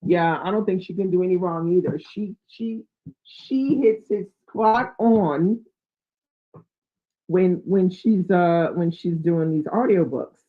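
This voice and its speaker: Chatty woman streamer on a tinny line. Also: lowish voice. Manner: chatty, thinks aloud with fillers. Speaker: book channel host. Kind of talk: live-stream chat reading out viewer comments. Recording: tinny, phone-like sound.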